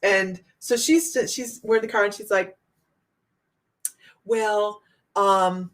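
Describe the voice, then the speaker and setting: A woman from Ohio, a psychic host telling viewers a story in a casual way, animated and laughing often. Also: mid-range voice, moderate pace.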